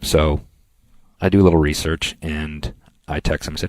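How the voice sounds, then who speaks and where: A man co-hosting a podcast, telling long rambling anecdotes in a casual chat and slipping into quick impressions of other people. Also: a bass voice, fairly even intonation, a little mellow, dry recording. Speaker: podcast co-host.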